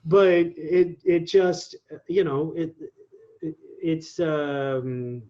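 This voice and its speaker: A man's voice: on the high side, drawn-out words, lo-fi sound. A man in his forties, a guest talking casually in an interview, rambling with lots of ums and restarts. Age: 40s.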